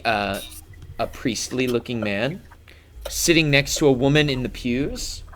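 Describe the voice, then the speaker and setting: A man's voice: mid-range voice, a bit bright, slight background noise. A man running a tabletop game as game master, describing scenes with frequent fillers.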